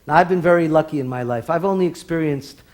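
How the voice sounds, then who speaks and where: A man's voice: on the high side, quick pace, darkish tone. A man from the Bronx telling wry comic stories on stage with Yiddish words mixed in. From New York, the Bronx. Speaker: comedian and stage performer. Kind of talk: live stage comedy storytelling. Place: stage in a TV studio before a live audience.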